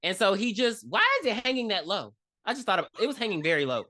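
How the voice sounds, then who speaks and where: A woman's voice: medium pitch, fast. A woman co-hosting a podcast, casually and profanely recapping a horror movie and acting out its characters. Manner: profane, animated, acts out characters in her retelling. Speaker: podcast co-host.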